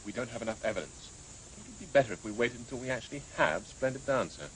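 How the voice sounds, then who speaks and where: An actor in a TV drama playing a man who explains things briskly. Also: mid-range voice, animated, a bit bright, slight background noise, close to an everyday voice, rough recording. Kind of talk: 1980s TV drama acting.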